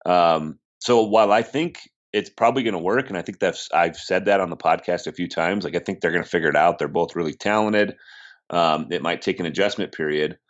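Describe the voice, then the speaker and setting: A man co-hosting a sports podcast, speaking casually and haltingly with frequent pauses. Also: low-pitched, highs cut off. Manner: hesitant, lots of ums and restarts. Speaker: podcast co-host.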